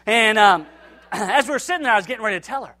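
Casting: male preacher, high and bright voice, animated storyteller who acts out every line of dialogue. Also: quick pace. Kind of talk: sermon storytelling.

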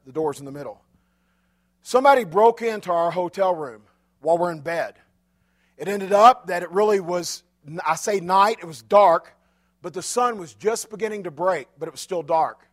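A man speaking to a church congregation, telling a chatty, rambling story full of asides into a handheld microphone. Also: high voice.

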